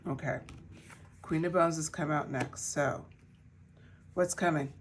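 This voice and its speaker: A woman with a low voice reads tarot cards for her viewers. She talks in a loose, chatty way, full of "like" fillers and restarts. A faint hiss sits under the recording. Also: steady tone, a little slow. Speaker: tarot reader. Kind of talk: pick-a-card tarot reading.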